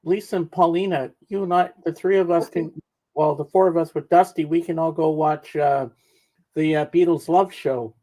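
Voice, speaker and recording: A man's voice: fairly high pitch, fairly even intonation, normal speed, warm tone, rough recording. Eager man chatting casually. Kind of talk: casual chat.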